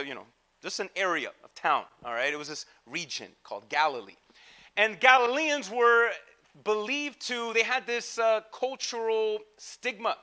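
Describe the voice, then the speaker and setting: A male pastor giving a conversational sermon in a casual, slangy, animated way, with frequent restarts. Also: high voice.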